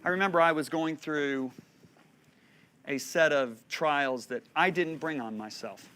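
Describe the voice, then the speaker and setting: A man in his fifties preaching a sermon, telling stories with animated delivery and frequent laughter. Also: a little high, measured pace. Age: 50s. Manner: animated storytelling, laughing between points.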